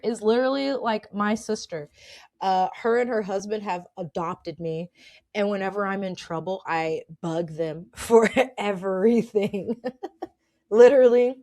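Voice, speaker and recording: A woman's voice: medium pitch, unhurried, mellow. A woman with a middling voice tells her own work stories as a podcast host. She talks in a chatty, emphatic way, keeps tagging her points with "okay?", and laughs often. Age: adult with children. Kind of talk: casual storytelling monologue.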